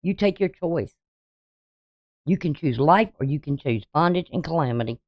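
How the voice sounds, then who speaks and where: A woman astrologer talks her viewers through a coming forecast. Her voice sits somewhat low, and the sound is dry with no room around it. She is emphatic and a little preachy, leaning on rhetorical questions to drive her points home. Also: expressive, moderate pace, no room sound, highs cut off. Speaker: astrologer and tarot reader.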